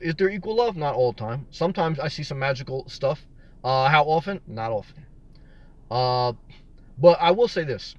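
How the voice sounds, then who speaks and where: A man's voice: on the high side, animated, moderate pace. Chatty man rambling to his live chat. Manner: rambling, joking, reads viewer comments aloud. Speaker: vlogger answering live chat. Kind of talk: casual live-stream chat. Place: in his car in a parking lot.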